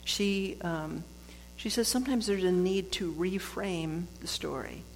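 Gravelly low-voiced woman in a reverberant hall. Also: measured pace. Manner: conversational, laughs often, frequent restarts. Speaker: speaker sharing a book's lessons on forgiveness. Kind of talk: reflective spiritual talk. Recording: long hall reverb with faint noise.

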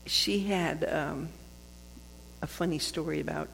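Gravelly low-voiced woman in a reverberant hall. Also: unhurried, a bit bright. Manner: conversational, laughs often, frequent restarts. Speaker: speaker sharing a book's lessons on forgiveness. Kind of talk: reflective spiritual talk. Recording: long hall reverb with faint noise.

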